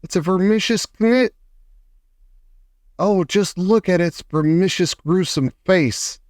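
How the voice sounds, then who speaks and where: A man's voice: animated, normal speed, darkish tone, dry recording, studio quality, lightly acted. A man doing a jittery, fearful police chief. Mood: worried. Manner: anxious, shrill, fearful. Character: nervous, gloomy police chief, grown man.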